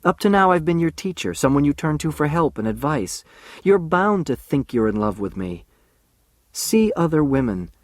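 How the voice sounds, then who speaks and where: A man voicing a gentle, cautious young woman teacher in an audiobook, speaking softly and patiently. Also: on the high side, big pitch swings, moderate pace, dry recording, clean studio sound, voice pushed up. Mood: gently cautious. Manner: soft, pleading, patient.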